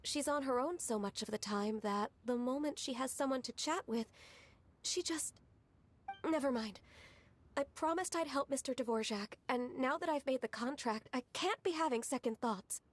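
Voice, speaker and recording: An actress playing a gentle, shy young woman who speaks softly and hesitantly, with little pauses. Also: sits high. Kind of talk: game voice acting.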